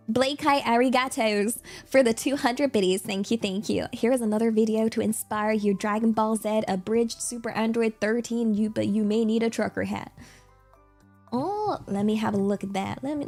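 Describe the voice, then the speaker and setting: A woman's voice: a little high, a little mellow, lightly acted. A woman streamer putting on a Southern US accent as a playful, self-conscious persona, chatting casually and trying out phrases aloud. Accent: put-on Southern US. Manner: giggly, practicing phrases aloud. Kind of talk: casual livestream chat.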